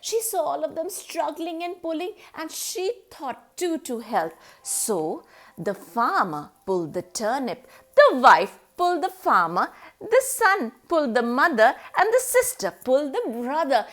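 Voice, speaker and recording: High, lively woman telling a children's story. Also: a little slow. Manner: sing-song, animal noises, questions to a young listener.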